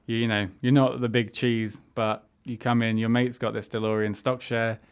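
A man's voice: medium pitch, little pitch movement, normal speed, smooth. Teasing man in casual chat. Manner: argumentative, teasing. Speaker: podcast co-host.

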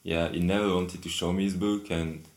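A man's voice: low-pitched, fairly even intonation, normal speed. A man in casual conversation, telling a long story in a rambling, hesitant way with many repeats and restarts. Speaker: guest.

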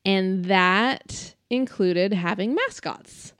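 A woman's voice: medium pitch, drawn-out words, fairly bright tone, clear, resonant tone, no echo, studio quality. A woman co-hosting a podcast in casual chat, talkative, laughing often and saying "like" a lot. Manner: chatty, laughing, uses "like" a lot. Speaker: podcast co-host.

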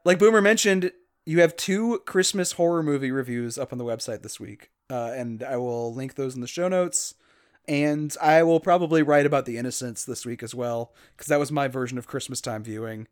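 A man's voice: medium pitch, normal speed. A man from Louisiana hosting a podcast, talking casually and laughing often. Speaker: podcast host.

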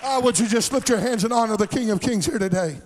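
A male pastor preaching a sermon in a sing-song cadence, swelling into shouts, in a church. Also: sits high, fast, a faint crowd. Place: church sanctuary.

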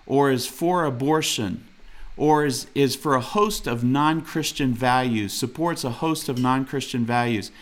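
A man delivers a sermon in an earnest, exhorting manner. He reads scripture aloud, comments on it, and presses listeners with direct rhetorical questions. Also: fairly high pitch. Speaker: preacher.

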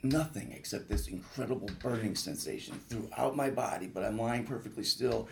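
A man with a gravelly, fry-touched voice recounts his own ordeal as a guest on a radio talk show. He speaks earnestly, building vivid pictures and lifting his pitch at the worst moments. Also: moderate pace, slight background noise. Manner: earnest, vivid retelling with rising intensity at peak moments. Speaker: guest, reconstructive surgeon. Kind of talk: personal story told on radio talk show.

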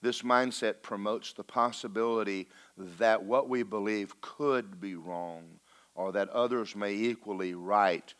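A man's voice: on the low side, fairly bright tone, smooth. Folksy preacher man. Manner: preacherly, folksy and joking, slows for emphasis. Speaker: pastor. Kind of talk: sermon.

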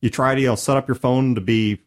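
A man's voice: mid-range voice, fairly even intonation, fast talker. A man hosting a podcast in casual chat, talking emphatically and laughing often, from Missouri. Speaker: podcast host.

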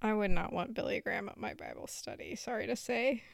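A woman's voice: medium pitch, wildly swooping pitch, brisk, gravelly, no room sound, studio quality. A woman hosting a podcast in casual chat, teasing her co-host and laughing often.

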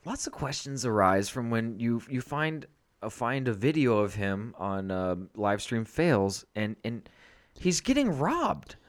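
A man's voice: mid-range voice, sing-song, unhurried. A man co-hosting a podcast in casual chat, rambling and apologetic, with lots of filler words. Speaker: podcast co-host.

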